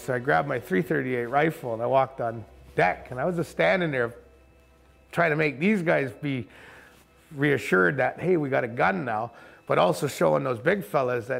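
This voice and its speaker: A man who runs a kayak camp and tour boat, telling a first-person story in a vivid, colloquial way with quick asides. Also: mid-range voice, vocal fry, faint music behind.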